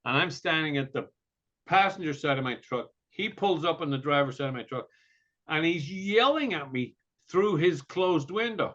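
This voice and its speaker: A man's voice: sits high, animated, moderate pace, pushed and bright. A man co-hosting a podcast, telling a story in casual chat, acting out the quotes and laughing often. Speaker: podcast co-host. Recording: dull lo-fi sound.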